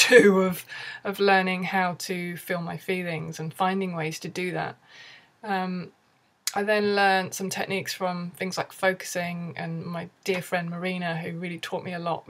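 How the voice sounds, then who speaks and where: Gentle woman teaching tapping. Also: lowish voice. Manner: gentle, reflective, with soft laughs and fillers. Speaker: tapping therapy practitioner. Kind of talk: teaching talk to camera.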